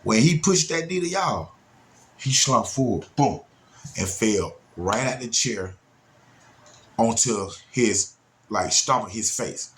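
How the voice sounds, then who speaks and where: A man telling a story from his childhood in a casual, animated way, talking straight to his listeners and swinging his pitch widely for emphasis. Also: slow pace, long pauses, a little hiss or hum. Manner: talks straight to listeners, often with "y'all" and "man".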